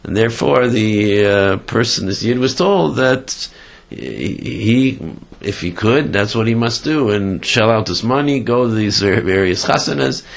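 A man telling a story in a Torah class, halting with many fillers and animated retelling. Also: lowish voice, creaky. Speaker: Torah teacher.

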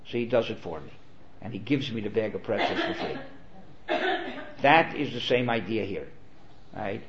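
A man giving an earnest, explanatory Torah lecture as a rabbi, sprinkling in Hebrew terms. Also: mid-range voice. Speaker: rabbi teaching. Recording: dull, lo-fi recording.

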